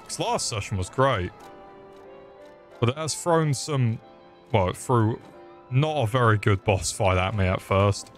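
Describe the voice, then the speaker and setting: A young man streaming a game, grumbling and joking crudely with lots of swearing as he plays. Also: fairly low pitch. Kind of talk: live gameplay commentary. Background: game music.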